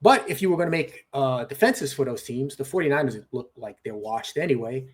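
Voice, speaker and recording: A man's voice: medium pitch, animated, a little fast. A man co-hosting a podcast, chatting casually about football betting, thoughtful and hedging. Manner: thoughtful, hedging, laughs at own jokes. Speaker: podcast co-host. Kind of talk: casual sports betting chat.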